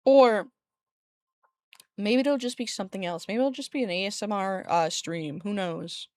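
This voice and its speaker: This livestreamer talks at normal speed in a mid-range voice with a darkish tone and no echo. She's at home in a room by a window, using a desk streaming mic, chatting loosely with viewers, laughing often and swearing lightly.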